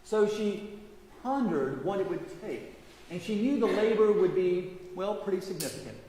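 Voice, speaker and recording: A male priest preaching a sermon, telling a fable and reflecting on it in a measured storytelling way, in a church. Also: sits high, expressive, warm tone. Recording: echoey church hall, faint noise.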